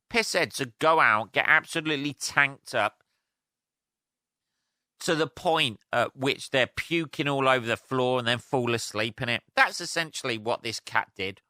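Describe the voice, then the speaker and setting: Male podcast host, bright crisp voice, dry close mic, sweary rambling monologue. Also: medium pitch, dry recording. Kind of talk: casual solo podcast rant.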